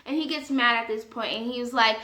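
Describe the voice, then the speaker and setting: Young woman, casual storytime vlog, animated and indignant, bright voice, roomy echo. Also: fairly high pitch, brisk. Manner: animated, indignant retelling with quoted dialogue.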